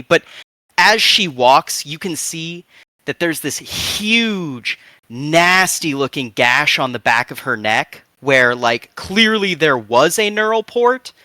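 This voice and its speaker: Slow-talking bright-voiced man narrating. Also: mid-range voice, no room sound. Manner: relaxed, filler-heavy narration. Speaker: game master. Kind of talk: narrating a tabletop game.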